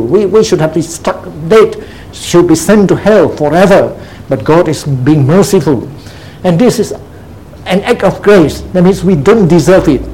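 A man's voice: a little high, dark tone, a little hiss or hum, rough recording. A man preaching an expository sermon, teaching point by point and often checking in with "see?". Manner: methodical, breaks ideas into numbered points.

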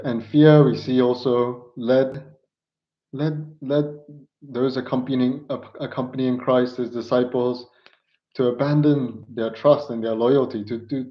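Male preacher for a sermon: earnest, halting, keeps asking pleading rhetorical questions; mid-pitched voice on a muffled, lo-fi recording. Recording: dull lo-fi recording.

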